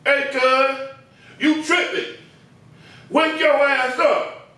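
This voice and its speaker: A man's voice: very high-pitched, little pitch movement, extremely slow, pushed and bright, voice pushed up, full character voice. A man voicing an irritated male client in a barbershop who talks in a brash, demanding, streetwise way. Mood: annoyed. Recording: very echoey, distant from mic.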